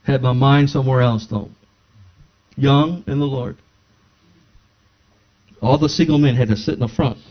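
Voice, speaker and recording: A man preaching a sermon, telling a personal story with lively acted-out dialogue. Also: medium pitch, moderate pace, pauses often. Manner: animated, acts out dialogue in his stories. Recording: dull lo-fi recording.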